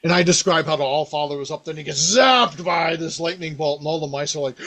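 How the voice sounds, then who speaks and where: A man hosting a podcast, casually recounting a tabletop game he ran, rambling and animated with many fillers. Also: on the high side, fast. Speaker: podcast host, game master. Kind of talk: casual storytelling about a past game.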